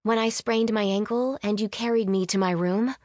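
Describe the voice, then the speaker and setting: Woman putting on a high, flustered young messenger. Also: normal speed, no echo, studio quality, natural voice. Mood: delivering. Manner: high, excited, breathless.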